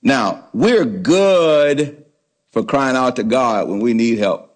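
A man's voice: medium pitch, expressive, takes it slowly. A man preaching a sermon, stressing points by repeating words and asking the congregation questions. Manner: emphatic preaching with call-and-response questions. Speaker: pastor.

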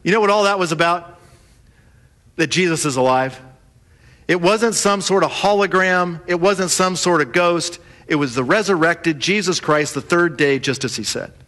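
Man, sermon, lively storytelling, fairly high voice. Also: moderate pace. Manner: animated storytelling, acts out voices of the disciples. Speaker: pastor.

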